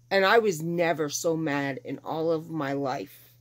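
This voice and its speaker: A middle-aged woman with a low-pitched voice tells a personal story casually and a little slowly. She grows animated acting out the people she quotes, voicing them with exasperation.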